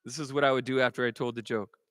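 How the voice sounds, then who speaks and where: A man's voice: medium pitch, little pitch movement, quick pace, heavy background noise. A man from California who is a singer-songwriter, chatting and telling self-mocking jokes between songs at a live show. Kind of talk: stage banter and joke-telling between songs.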